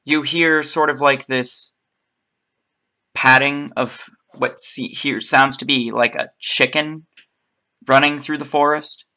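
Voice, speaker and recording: A man runs a tabletop game, narrating slowly and pausing to find his words. His voice is bright and forward. He talks at an even, middle pitch. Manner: unhurried, hesitant narration with restarts. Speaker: game master.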